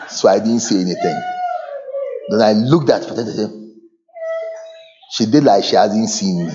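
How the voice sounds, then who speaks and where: Animated preacher man, lo-fi sound. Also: moderate pace, long pauses. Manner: animated, swings between low asides and high shouts. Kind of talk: sermon.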